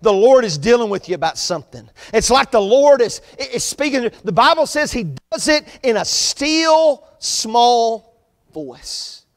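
A pastor delivers a sermon in a fairly high voice, pushing each point harder and then letting the line ends drop away quietly. His voice carries a long reverb from the church sanctuary around him. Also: very animated, unhurried. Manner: preaching with rising emphasis and soft, trailing line ends.

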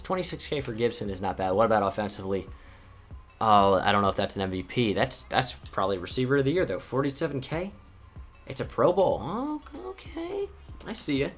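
Young man chatting over game music. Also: fairly low pitch. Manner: chatty, reacts with quick swearing. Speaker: gaming YouTuber. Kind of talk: casual gameplay commentary.

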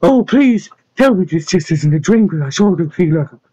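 A man voicing Henry, a nervous, excitable young man who stammers, in a storybook reading with a dull, dry sound. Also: sits high, moderate pace, breathy edge, dry recording. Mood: flustered.

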